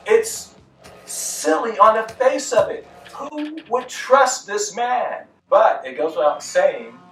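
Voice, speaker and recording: A man's voice: fairly high pitch, a bit bright. A man narrating a movie review in a dry, critical, mildly exasperated way. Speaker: film reviewer. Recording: echoey room, mic at a distance, faint music.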